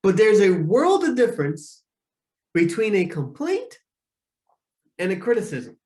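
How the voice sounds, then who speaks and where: A man, a relationship counselor, teaching a group session and repeating key points slowly with frequent "right?" checks. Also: sits high, wildly swooping pitch, darkish tone. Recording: roomy echo.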